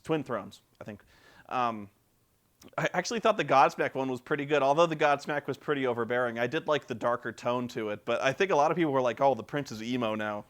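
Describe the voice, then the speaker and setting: A man vlogs casually about video games in an ordinary mid-pitched voice. He rambles, circles back and restarts his sentences often. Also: a bit bright. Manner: rambling, many fillers and restarts. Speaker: video game vlogger. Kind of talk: casual chat.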